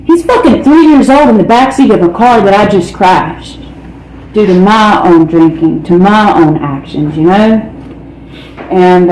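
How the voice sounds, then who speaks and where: A woman speaks bluntly and candidly, telling her recovery story at a middle pitch. Her voice rings in an echoey room, with a faint hum of ambience underneath. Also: darkish tone. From North Carolina, United States. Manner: candid and blunt, with frequent "man" and "you know". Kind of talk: personal recovery testimony. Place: meeting hall.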